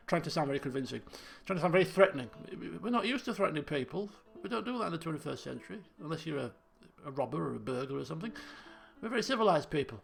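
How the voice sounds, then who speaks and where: A man's voice: fairly high pitch, very animated, racing, gravelly, soft background music. A man commentating a game he plays, chatty and rambling with self-mocking jokes. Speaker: gaming video host. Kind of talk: let's play commentary.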